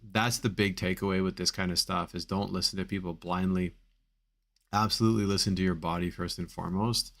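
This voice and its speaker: A man's voice: low-pitched, gravelly, a bit bright. A man coaching on back pain in a live Q&A stream, talking casually with many fillers and repeated phrases for emphasis.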